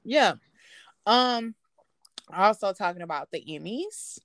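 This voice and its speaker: A woman's voice: medium pitch, sing-song, slow pace, a bit bright, dry recording. A woman co-hosting a podcast in casual chat, full of fillers and self-corrections. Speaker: podcast co-host.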